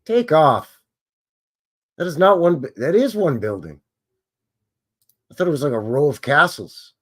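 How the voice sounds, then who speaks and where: Animated, chatty male stream host. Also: on the high side, a little slow. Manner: musing, chatty, thinking aloud. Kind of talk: casual live commentary on old photographs.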